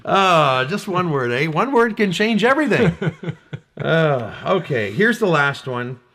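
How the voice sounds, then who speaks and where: A man's voice: fairly high pitch, sing-song, measured pace, fairly bright tone. A Canadian man co-hosting a podcast, reading funny text messages aloud in casual chat and chuckling often. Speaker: podcast co-host.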